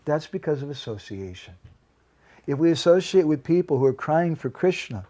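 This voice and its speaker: A man's voice: fairly high pitch, big pitch swings, moderate pace, mellow. A man giving a devotional lecture at a home program, telling a story and asking the audience questions.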